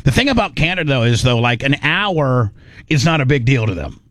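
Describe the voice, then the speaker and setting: A man's voice: mid-range voice, very animated, brisk, fairly bright tone, dry recording. A man hosting a radio show, talking loosely and joking, with a lot of "uh"s. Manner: rambling, joking, many fillers. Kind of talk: casual studio banter.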